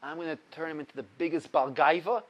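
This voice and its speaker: A man voicing the evil inclination as a sly, scheming tempter who gloats quietly. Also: fairly high pitch, steady tone, fast, dull audio, lightly acted. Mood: sly gloating.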